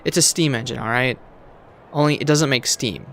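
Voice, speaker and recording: A man voicing a grumpy, impatient woman mechanic in a video game, reading her lines gruffly. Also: mid-range voice, normal speed, fairly bright tone, slight background noise, close to an everyday voice. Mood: grumbling. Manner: gruff, dismissive.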